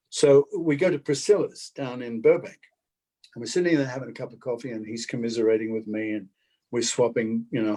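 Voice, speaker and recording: An older man telling a lively showbiz anecdote over a video call, acting out the other people's voices as he goes. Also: medium pitch, low-quality recording. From Australia. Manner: animated storyteller acting out voices. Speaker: guest actor.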